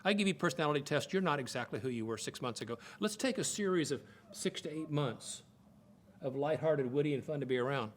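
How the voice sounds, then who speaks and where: Older man teaching, fairly high voice. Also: quick pace, a little hiss or hum. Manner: folksy, repeats words while thinking aloud. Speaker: Bible college teacher. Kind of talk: conversational teaching talk.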